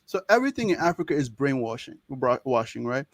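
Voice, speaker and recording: Speaking fast in a mid-range, sing-song voice, a young Nigerian man talks as a guest in a relaxed interview. The medical student is emphatic and passionate, often repeating words for force, and there's no room sound in the recording.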